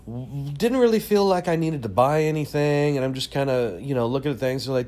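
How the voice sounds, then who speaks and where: A man telling a rambling personal story at home, with many fillers and restarts and bursts of excitement. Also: mid-range voice, fairly quick. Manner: animated, swings up in excited bursts. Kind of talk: casual storytelling. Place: home room.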